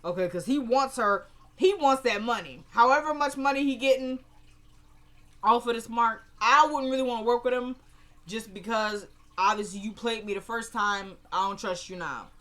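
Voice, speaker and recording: A young woman giving a casual, opinionated recap of a TV episode, acting out the characters' lines in quick quoted bits. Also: a little high. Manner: animated, retells scenes in quoted voices, opinionated. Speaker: show recapper.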